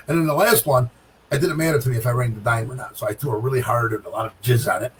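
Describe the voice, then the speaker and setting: A middle-aged man telling a bowling story in casual chat, animated, with sound effects and repeated phrases. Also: medium pitch, very fast, far from the mic, noisy background. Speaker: guest pro bowler.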